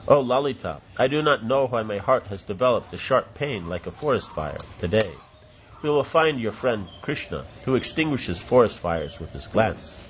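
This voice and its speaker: A man reading the lines of a lovesick young woman, exclaiming and lamenting in his own lowish voice. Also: big pitch swings, normal speed, slight background noise.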